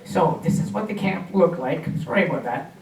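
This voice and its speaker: A man's voice: sits high, fairly quick, a little mellow. A man giving a community talk with slides, telling family history in a chatty way with hesitations and small laughs. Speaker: guest speaker. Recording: echoey room mic from a distance.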